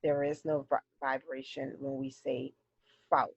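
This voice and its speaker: Woman teacher, low voice, unhurried phonics drill for kids, dull lo-fi recording. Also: little pitch movement, dry recording. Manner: slow, clearly drilled word pairs. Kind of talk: phonics lesson for children.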